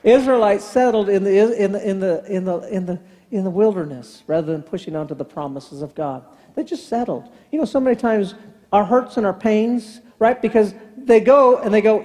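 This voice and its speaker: High-voiced pastor with long hall reverb. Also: male voice, normal speed. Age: 50s. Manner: animated, acts out dialogue with sound effects. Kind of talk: comic sermon storytelling. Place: church sanctuary.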